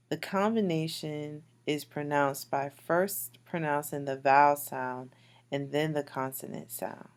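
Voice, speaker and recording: Slow, low-voiced woman teaching Hebrew. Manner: patient, repeats words slowly with fillers. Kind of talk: recorded slide lecture.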